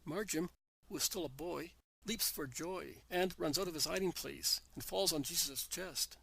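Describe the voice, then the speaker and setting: A man narrating a devotional text in an even, reverent reading voice. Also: a little high, normal speed, vocal fry, low-quality recording.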